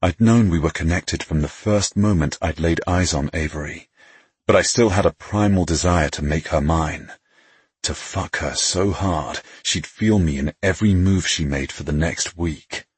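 A man narrating a first-person audiobook, reading in an intimate, unhurried way. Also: sits low, breathy edge, no room sound.

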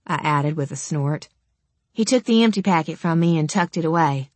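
A woman's voice: deep voice, animated, moderate pace, darkish tone, no echo. A woman narrating an audiobook in the first person, in a wry, conversational and casually profane manner.

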